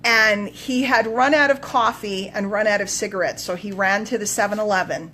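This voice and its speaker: A woman coach telling a story on a live stream, emphatic and animated, swinging between loud bursts and quiet asides. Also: medium pitch, normal speed, a little hiss or hum. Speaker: business coach.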